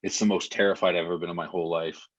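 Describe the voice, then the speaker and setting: A man's voice: low voice, little pitch movement, racing, lo-fi sound. A man in his thirties, a podcast guest, telling an emotional story with lots of fillers. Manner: vivid retelling with many fillers.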